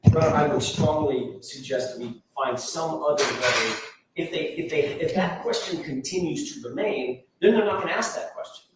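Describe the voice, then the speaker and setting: A man's voice: on the high side, moderate pace. A man arguing as a defense attorney in a courtroom, pressing his point insistently and restarting phrases. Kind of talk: courtroom argument. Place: large courtroom. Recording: echoey distant courtroom feed with faint noise.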